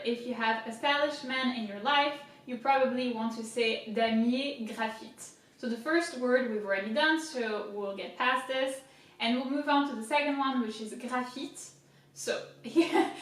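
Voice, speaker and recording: A woman teaching French pronunciation in a casual video lesson, her fairly high voice sitting a little back from the mic. She breaks words into slow syllables and repeats them patiently, with a dash of self-mocking humor. The room around her rings with heavy echo. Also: fairly bright tone. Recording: very echoey room, voice from a distance.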